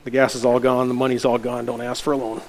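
A man's voice: medium pitch, completely flat delivery, quick pace, slight background noise. A middle-aged man, a pastor telling a personal story from the pulpit in a sermon and acting out the dialogue.

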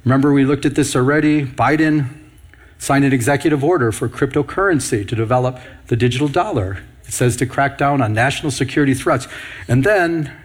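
A man's voice: medium pitch, a little fast. A middle-aged man preaching on Bible prophecy, reading headlines and scripture and asking the audience rhetorical questions. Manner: asks rhetorical questions to the audience, reads news headlines aloud. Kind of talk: prophecy teaching sermon.

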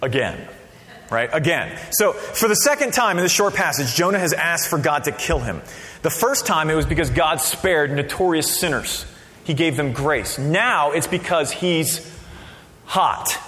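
A man preaching a sermon as a pastor, casual and conversational, with sudden loud bursts. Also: on the high side, lively intonation, measured pace. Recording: long reverb of a hall.

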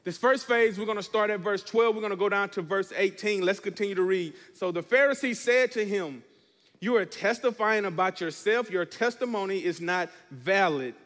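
A man preaching to his congregation, reading scripture aloud and asking the room to answer back. His voice sits high for a man. The sound carries a long reverb, as in a church hall. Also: moderate pace, a bit bright. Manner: preaching, asks the congregation to respond. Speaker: pastor. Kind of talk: sermon.

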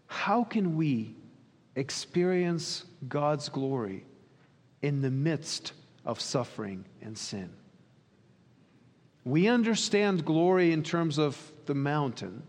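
A man's voice: a little high, big pitch swings, slow, darkish tone. A man preaching a sermon in an earnest, questioning way, sometimes acting out quoted dialogue. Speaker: pastor. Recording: long reverb of a hall.

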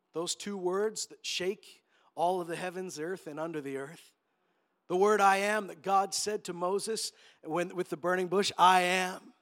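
Man, pastor, high voice, animated sermon, acts out quotes, joking asides.

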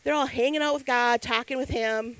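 A middle-aged woman giving a sermon, telling stories with lively acted-out quotes. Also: high voice, fairly quick, clear, resonant tone, no echo, rough recording. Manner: animated storytelling with acted quotes. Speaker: speaker.

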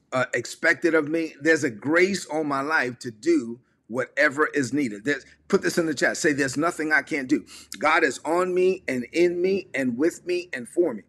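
A man's voice: a little high, sharp tone. A man preaching a sermon to an online audience, emphatic and repetitive, calling on listeners to repeat lines aloud. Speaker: pastor.

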